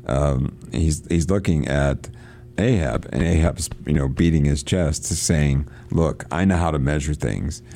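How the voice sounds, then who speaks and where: Low, mellow man reading aloud. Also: creaky. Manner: reads quoted passages aloud, halting with restarts. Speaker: radio host reading and discussing a novel. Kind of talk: casual reading and discussion on radio. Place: church.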